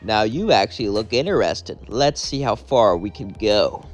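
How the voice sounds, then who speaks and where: A man's voice: fairly low pitch, expressive, moderate pace, soft background music, lightly acted. A man voicing a smug, cocky android warrior. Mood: taunting. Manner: smug, taunting. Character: cocky, confident male insect-like android warrior.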